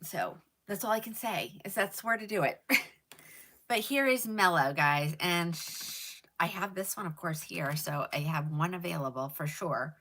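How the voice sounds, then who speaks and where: Live-sale host, woman, lowish voice, chatty and jittery, muttered asides. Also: expressive, a bit bright, a little hiss or hum. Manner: chatty and rambling, talks to viewers as ladies; quick, jittery talk with whispered asides. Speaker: live shopping host selling wigs. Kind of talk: casual live-stream sales chat.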